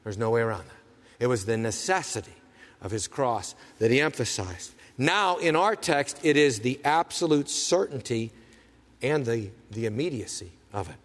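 A man preaching a sermon as pastor, emphatic, asking rhetorical questions and swinging from loud to hushed. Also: medium pitch, lively intonation, moderate pace, big-room sound.

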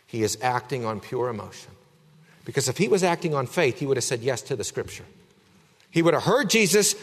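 A man preaching a sermon, emphatic, dropping low and quiet then rising loud. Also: very animated, a little fast, long reverb tail.

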